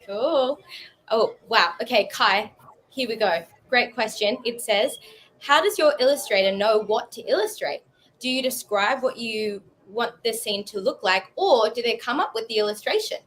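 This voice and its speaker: A woman's voice: on the high side, lively intonation, moderate pace, fairly bright tone, slight background noise. A woman hosting a live chat show, bubbly and enthusiastic. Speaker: host. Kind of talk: casual chat.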